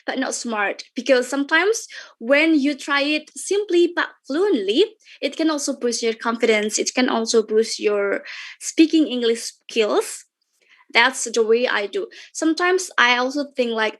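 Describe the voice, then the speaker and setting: A woman's voice: on the high side, animated, a little slow, a bit bright. A young woman from Indonesia with an Indonesian accent, giving a chatty, informal webinar talk full of fillers and repeated phrases. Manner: chatty, repetitive, with frequent fillers. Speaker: webinar speaker.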